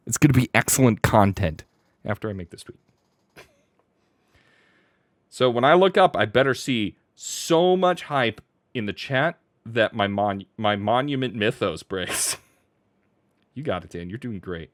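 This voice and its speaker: A man's voice: medium pitch, animated, moderate pace, no room sound, studio quality. A man hosting a live reaction stream, talking in a hyper, playful, rambling way, laughing often and reading out chat names. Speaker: streamer host.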